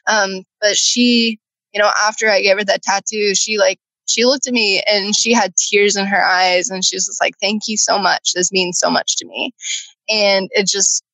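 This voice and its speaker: Woman, podcast guest, earnest, rambling with fillers, mid pitch, dry close recording. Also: fairly bright tone, dry recording, poor audio. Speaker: guest, tattoo artist and Reiki healer. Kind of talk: podcast interview, casual storytelling.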